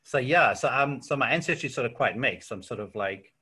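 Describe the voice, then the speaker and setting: A man's voice: mid-range voice, brisk, slightly rough. A South African man in a casual interview, telling stories with lots of "yeah" and "um". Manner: relaxed storytelling with frequent fillers and "yeah". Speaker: interview guest. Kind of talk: casual chat.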